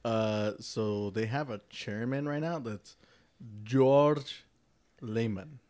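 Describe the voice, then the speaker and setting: A young man in a casual beer-tasting chat, excitable and laughing often. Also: mid-range voice, slow pace.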